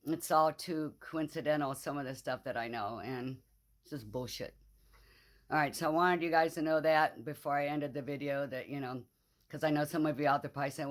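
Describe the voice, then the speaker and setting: A woman's voice: rumbling low, moderate pace, no room sound. A middle-aged woman in a casual vlog monologue, grieving and angry, rambling bluntly and swearing freely. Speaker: vlogger.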